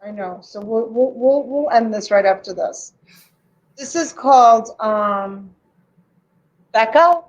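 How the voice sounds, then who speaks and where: Chatty woman seller, a bit high, dull muffled stream audio. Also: slow, long pauses. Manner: chatty, stumbling, repeats words. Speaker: livestream seller. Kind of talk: casual live-sale chat.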